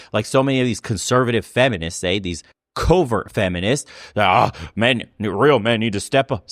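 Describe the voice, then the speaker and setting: Dude ranting hard over clips, blunt, swears a lot, dry dead room. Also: male voice, medium pitch, a bit bright, dry recording. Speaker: host reacting to clips. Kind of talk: profane reaction commentary.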